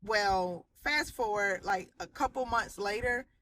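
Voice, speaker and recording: A woman's voice: mid-range voice, measured pace, a little hiss or hum. A woman casually and animatedly retelling haunting experiences from her family home, acting out the people in it. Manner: animated, vivid retelling with voiced quotes and sound effects. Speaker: storyteller sharing a haunting testimony. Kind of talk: casual spoken storytelling. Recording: audio cutting in and out.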